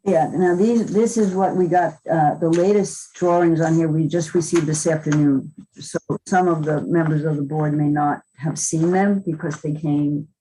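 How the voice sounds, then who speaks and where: A woman's voice: sits low, steady tone, moderate pace, few pauses, mellow, slight background noise, rough recording. A woman chairing a planning board meeting in a chatty way, with frequent chuckles and fillers. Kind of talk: meeting chat.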